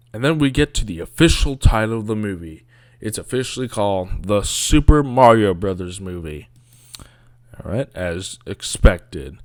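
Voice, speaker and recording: A man's voice: lowish voice, a little mellow, no echo, studio quality. A man giving casual, rambling commentary on a video, sarcastic and grumbling, with mocking asides.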